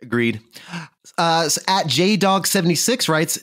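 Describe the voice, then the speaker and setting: Animated male podcast host. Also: a little high, unhurried, dry recording, clean studio sound. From northern New Jersey. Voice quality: animated, jokey. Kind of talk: casual podcast chat.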